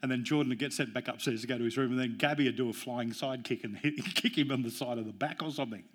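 A man's voice: mid-range voice, fast talker, fairly bright tone. A man preaching a sermon as pastor, mixing jokes and family stories with emphatic, rising points. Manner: jokey, storytelling preacher with emphatic rises.

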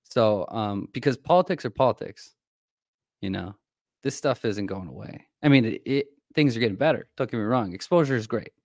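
A man co-hosting a podcast, rambling in a halting way with lots of fillers about faith. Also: medium pitch, animated, darkish tone, no echo, studio quality. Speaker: podcast co-host. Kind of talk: casual faith talk.

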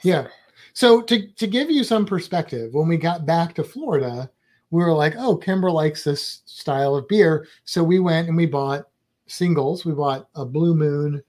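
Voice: mid-range voice, expressive, normal speed, darkish tone. A travel vlogger in casual chat, rambling and chatty with playful asides.

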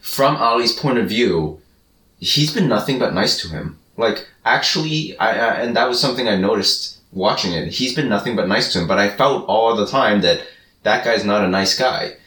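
Casual podcast co-host: a man with a very low voice, unhurried, quick to laugh, picked up from across a roomy space. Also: lively intonation, bright, forceful tone. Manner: measured, deliberate, laughs often. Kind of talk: casual chat. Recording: roomy sound, mic at a distance.

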